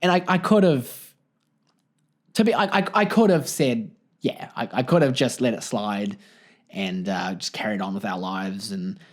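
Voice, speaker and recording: A man's voice: on the low side, unhurried. A young man with a New Zealand accent hosting a solo podcast, telling a story in a jokey, rambling way and laughing often. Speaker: podcast host.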